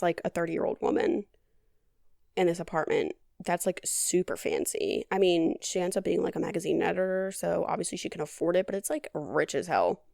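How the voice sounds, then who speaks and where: A woman's voice: fairly low pitch, creaky, darkish tone, no room sound. A woman hosting a podcast, recapping a movie in a chatty, casual way with dry, sarcastic humor and a lot of "like". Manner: chatty, heavy on "like". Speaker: podcast host.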